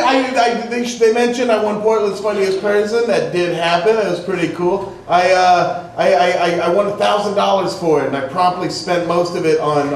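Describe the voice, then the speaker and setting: A male comedian doing a stand-up routine on a club stage, loud and punchy with stammering restarts. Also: high-pitched. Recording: echoey club from far off.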